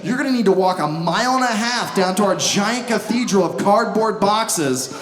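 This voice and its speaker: High-voiced ranting male comedian. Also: normal speed. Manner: exasperated ranting, sarcastic. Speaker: stand-up comedian. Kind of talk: stand-up comedy set. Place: comedy club stage. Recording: echoey club with crowd laughter.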